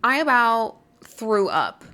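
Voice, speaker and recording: A young woman hosting a podcast, telling a personal story in a gushing, excitable way with lots of "like". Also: fairly high pitch, slow. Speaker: podcast host. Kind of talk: casual storytelling.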